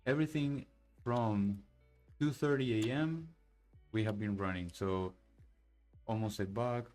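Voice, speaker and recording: A man with a lowish voice demos his software over a screen share. He thinks aloud, restarting sentences and dropping fillers as he clicks around. Faint music plays underneath. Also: takes it slowly, pauses often, low-quality recording. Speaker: software developer demoing his project. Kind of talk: casual screen-share walkthrough.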